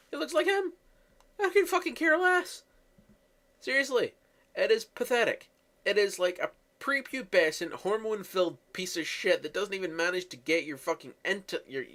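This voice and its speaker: A man's voice: fairly high pitch, fairly bright tone. A man giving a profane, mocking comedic movie rant as a reviewer.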